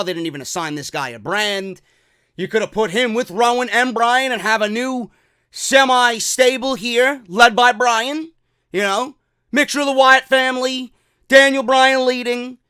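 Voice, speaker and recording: A man hosting a wrestling talk show, ranting in an excitable, profane, rambling way. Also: very high voice, clean tone, no echo. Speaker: wrestling podcast host. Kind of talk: casual opinion rant.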